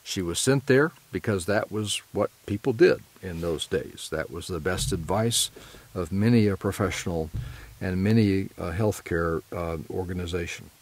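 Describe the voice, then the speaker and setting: A man delivering a prepared lecture in an earnest, measured way, now and then correcting himself mid-phrase. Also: low voice. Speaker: presenter.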